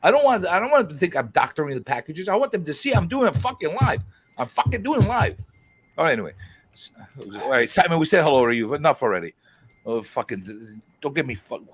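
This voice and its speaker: A man hosting a casual livestream chat, greeting viewers in a quick, excitable, profane way. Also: on the high side, slightly rough. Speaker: host.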